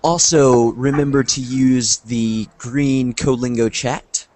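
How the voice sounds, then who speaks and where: A man's voice: medium pitch, fairly even intonation, takes it slowly, darkish tone. A man teaching an online English class over a video call, friendly, often asking "right?" to check in.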